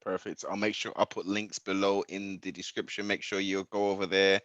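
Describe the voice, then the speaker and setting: A man's voice: low voice, little pitch movement, a little fast, fairly bright tone, no room sound. A man hosting a casual interview, giving short replies and asking the guest questions. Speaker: host.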